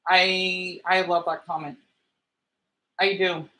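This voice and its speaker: A man's voice: high-pitched, little pitch movement, slow pace, pushed and bright. Rambling, irritable man livestreaming. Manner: rambling and irritable, stumbles and repeats words. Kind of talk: livestream commentary reading comments aloud.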